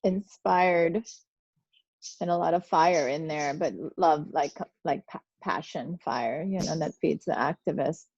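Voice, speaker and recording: A woman hosting an online session, calm and gentle, inviting people to share. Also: low voice, a little slow, husky, no room sound, highs cut off. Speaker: host.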